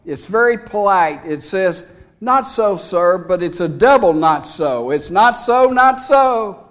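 A man's voice: high voice, expressive, takes it slowly. A man preaching a folksy, emphatic sermon, reading scripture aloud between his points.

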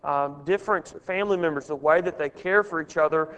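A man's voice: on the high side, a little fast, fairly bright tone, clean tone, big-room sound. A man leading a Bible study, earnest and asking his group questions.

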